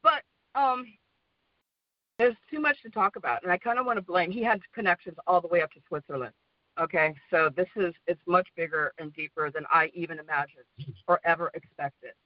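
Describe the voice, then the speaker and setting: A woman's voice: fairly low pitch, fairly quick, no room sound, lo-fi sound. A woman from the United States with a Western American accent, calling in to a community prayer call, telling her story in a rambling way with many fillers and repeated "okay?"s, sounding exhausted. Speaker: caller. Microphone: phone line.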